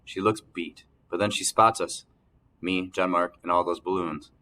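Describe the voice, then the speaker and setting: A man narrating an audiobook in the first person, telling the story calmly and evenly. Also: deep voice, moderate pace.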